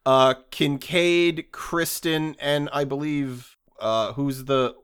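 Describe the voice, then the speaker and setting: A man's voice: fairly high pitch, steady tone, slow pace, a bit bright, clear, resonant tone. Wry, sarcastic male podcast co-host. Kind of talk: casual movie review chat.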